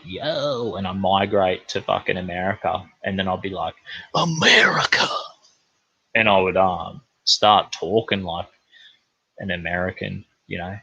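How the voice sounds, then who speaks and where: A young man talks in a loose, profane, meandering way, like a casual podcast host. His voice sits low but comes across punchy and bright. The recording is dull and lo-fi, with a very dry sound. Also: husky, no echo. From New Zealand. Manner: rambling, profane, laid-back. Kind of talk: casual monologue.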